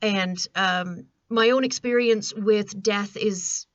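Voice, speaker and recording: A woman's voice: mid-range voice, takes it slowly, no room sound, lo-fi sound. A woman in her forties chatting casually to camera from her small home studio, rambling and self-deprecating. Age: 40s. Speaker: vlogger.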